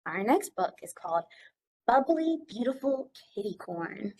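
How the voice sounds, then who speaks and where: A woman's voice: mid-range voice, sing-song, unhurried, mellow, slight background noise, low-quality recording. A young woman working as a children's librarian, reading a picture book aloud and asking the children questions in a sing-song way.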